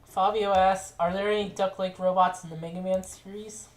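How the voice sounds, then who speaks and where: A woman's voice: medium pitch, fairly even intonation. A woman streaming a game, chatting casually and muttering at it as she plays. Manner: slow, offhand, mutters at the game. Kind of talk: casual gameplay chat. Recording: echoey room.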